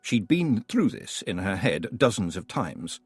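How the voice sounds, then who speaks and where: A man narrating a fantasy audiobook with expressive, wry storytelling. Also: on the low side, a little slow, husky, dry recording, faint music behind. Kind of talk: scripted narration.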